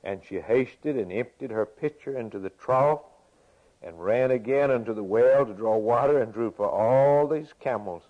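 A man's voice: mid-range voice, moderate pace. A man preaching a sermon, reading scripture aloud and explaining it in a folksy way, repeating his phrases for emphasis. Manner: folksy, repeats phrases, chuckles between points. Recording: dull lo-fi recording.

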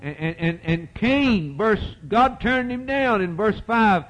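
Speaking slowly and expressively, a preacher delivers a fervent sermon in a folksy, repetitive rhythm. His voice climbs to loud peaks and sinks to quiet, low asides.

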